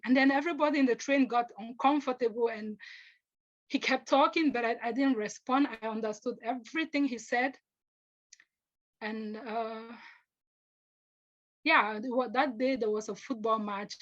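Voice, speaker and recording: Earnest young woman from Africa, halting storyteller. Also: sits high, highs cut off. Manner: earnest, halting, with restarts, acts out quoted speech. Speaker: panelist. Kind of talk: personal storytelling on a panel.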